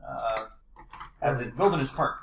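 A man's voice: mid-range voice, measured pace, vocal fry, a little hiss or hum. A man running a tabletop game as game master, recapping the last session with many fillers and restarts. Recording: echoey room.

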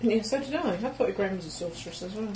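A woman at a tabletop game, chatty and full of quick questions. Her voice sits at a middle pitch in an echoey room, with faint noise behind her. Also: animated, a little mellow. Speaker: player. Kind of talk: casual tabletop banter.

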